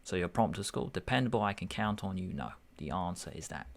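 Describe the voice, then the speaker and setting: Deep gravelly male tutor thinking aloud. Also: lively intonation. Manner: musing, unhurried, self-correcting. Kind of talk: thinking aloud through a test paper.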